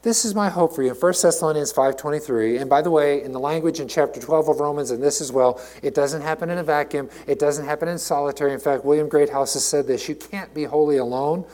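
A man's voice: fairly high pitch, fast talker, few pauses. Passionate middle-aged man preaching. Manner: passionate and conversational, swinging between loud emphasis and quiet asides. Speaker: pastor. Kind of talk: sermon.

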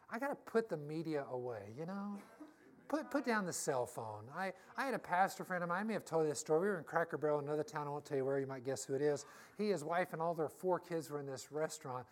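A middle-aged woman pastor giving a casual, story-filled sermon, repeating phrases and laughing easily as she talks. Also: fairly low pitch.

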